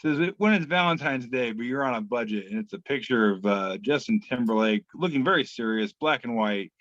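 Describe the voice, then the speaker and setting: A man's voice: medium pitch, no room sound, muffled recording. Wry man hosting a comedy podcast. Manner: wry, deadpan delivery with filler pauses. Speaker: podcast host reading memes. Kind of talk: casual comedic chat.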